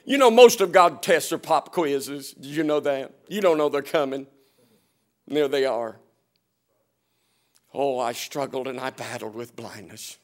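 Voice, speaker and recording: A man preaching a storytelling sermon in a folksy, humorous way, chuckling often and swinging between loud and hushed delivery. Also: mid-range voice, measured pace, pauses often. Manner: often chuckles while telling stories.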